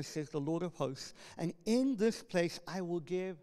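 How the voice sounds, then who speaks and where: A male pastor delivering an impassioned sermon, building to loud proclamations as he reads scripture aloud. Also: on the high side, normal speed, vocal fry, hardly any pauses. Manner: impassioned preaching, rising to loud proclamations when reading scripture. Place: church hall. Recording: long reverb of a church hall.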